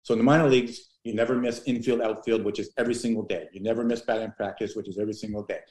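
A man in his fifties telling rambling, animated stories as an interview guest, with many restarts. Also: fairly low pitch, very fast. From Canada. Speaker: guest, former pro baseball player. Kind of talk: casual storytelling interview. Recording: roomy echo.

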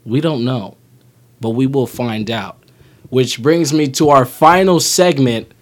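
A man's voice: mid-range voice, a little slow. A man co-hosting a podcast, rambling playfully as he retells a movie plot. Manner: rambling, playful, retells plots with put-on voices. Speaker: podcast co-host. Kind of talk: casual podcast chat.

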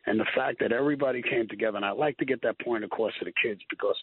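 A firefighter, calling in and telling stories earnestly, getting choked up and repeating himself. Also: male voice, mid-range voice, very fast, slightly rough, dry recording. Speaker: firefighter guest. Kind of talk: emotional call-in storytelling. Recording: tinny phone line.

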